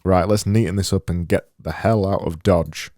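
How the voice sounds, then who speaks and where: A man with a deep, mellow voice rambles through a livestream of his design work. He talks slowly and mutters to himself, often mocking himself. The sound is close and dry. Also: steady tone, no echo. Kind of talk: thinking-aloud livestream commentary.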